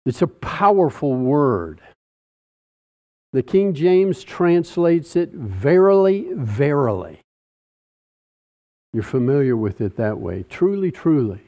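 A man preaching a sermon, teaching slowly and deliberately through a Bible passage with dramatic pauses. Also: a little high, sing-song, mellow.

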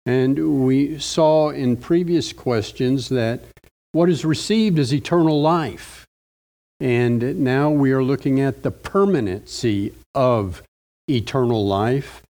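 A middle-aged male pastor leads a sermon-style Bible study, teaching through scripture slowly and deliberately. His medium-pitched voice is mellow and warm, never sharp, and he stresses key words to drive each point home.

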